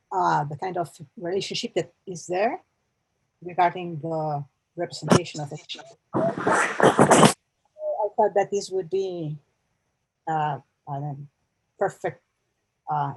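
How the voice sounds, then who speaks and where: A woman with a low, gravelly, husky voice speaks very slowly over a video call. She introduces herself to an online seminar, hesitating and groping for words, and the sound is close and dry. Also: darkish tone, no echo, rough recording. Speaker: journalist and screenwriter.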